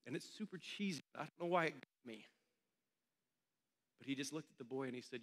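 Bright-voiced pastor in a reverberant hall. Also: male voice, mid-range voice, animated, brisk, long pauses. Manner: conversational storytelling, informal. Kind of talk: sermon. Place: church meeting room.

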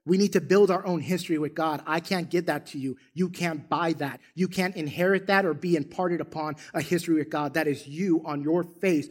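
A man preaching a sermon as a church pastor, with an animated, emphatic storytelling manner. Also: fairly high pitch, a little fast, hardly any pauses. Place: church sanctuary.

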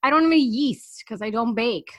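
Animated rambling middle-aged woman. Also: fairly high pitch, brisk. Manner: animated, rambling, laughs often. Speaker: podcast co-host. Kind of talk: casual chat.

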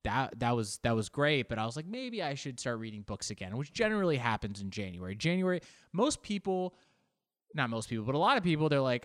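A man's voice: mid-range voice, sing-song, moderate pace, dry recording, studio quality. A man talking casually on his own, rambling and poking fun at himself, acting out little imagined conversations. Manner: rambling, self-mocking, acts out little quoted exchanges. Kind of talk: casual monologue.

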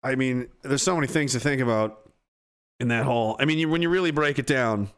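A man's voice: medium pitch, fairly quick, clean tone. A man hosting a livestream, reading chat and ranting heatedly with lots of swearing. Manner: profane, heated, swings from yelling to groaning.

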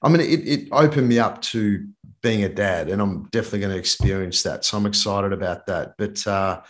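A man's voice: on the low side, fairly quick. A man who works as a men's coach, talking candidly as a podcast guest and retelling events frankly and animatedly. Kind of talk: candid conversational storytelling.

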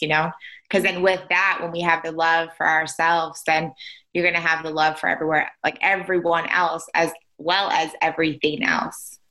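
A woman's voice: low-pitched, pushed and bright. A woman guest in a casual conversation, upbeat, talking about self-love. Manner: upbeat, casual spiritual talk. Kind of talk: casual interview.

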